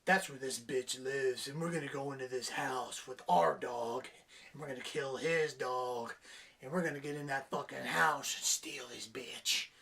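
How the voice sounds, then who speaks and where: A reviewer putting on a low, coarse tough-guy voice for a swaggering street gangster, a bit away from the mic. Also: normal speed, vocal fry, pushed and bright, far from the mic.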